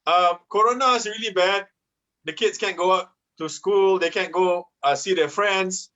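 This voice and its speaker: A man's voice: high voice, normal speed, pushed and bright, highs cut off. A man in his thirties with a Malaysian English accent doing a chatty stand-up comedy set and laughing at his own jokes. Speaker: musical comedian.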